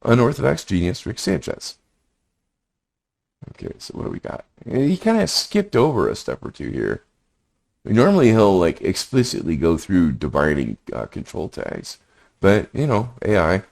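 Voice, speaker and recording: A prompt engineering instructor with a low, gravelly, darkish voice swings hugely in pitch while talking at normal speed. Walking through a screen demo, he reads generated text aloud and mutters his thoughts between passages.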